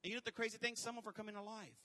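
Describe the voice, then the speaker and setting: A man preaching as a pastor, animated, with shouted peaks and quick quoted asides. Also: high-pitched. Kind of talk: sermon. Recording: long hall reverb.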